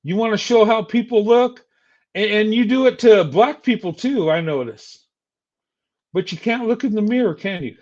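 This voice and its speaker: A man's voice: sits high, normal speed, a little mellow, lo-fi sound. An older man streaming a heated, insulting rant at a rival. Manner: angry, insulting, taunting.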